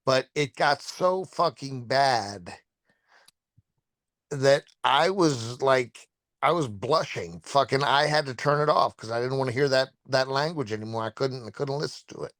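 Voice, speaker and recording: Stammering podcast co-host, dry sound. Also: male voice, medium pitch, fairly bright tone, no room sound. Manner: halting, stammering, profane. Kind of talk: casual chat.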